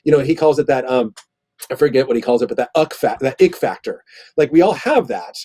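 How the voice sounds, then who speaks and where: A man talks through an idea as a guest in an interview, thoughtful and long-winded, circling back and restarting phrases. His voice is slightly husky with a mellow, darker tone. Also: mid-range voice, expressive, brisk. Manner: thoughtful, explains at length with restarts. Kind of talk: conversational interview.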